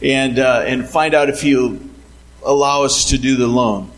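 A man's voice: mid-range voice, unhurried, natural voice. A man doing a puzzled bank loan officer.

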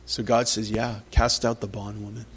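A pastor preaches conversationally, reading scripture aloud and acting out the people in the story, and his pitch rises when he gets emphatic. He speaks at normal speed with a level tone, and there is slight background noise.

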